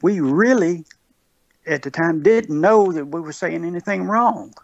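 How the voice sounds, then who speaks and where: A man with a Mississippi Southern accent, talking earnestly and circling back over his own words. His voice sits a bit high and gravelly. The recording is dull and lo-fi. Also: a little slow, dry recording. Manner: earnest, repetitive, restarts often. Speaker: guest. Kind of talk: casual conversation.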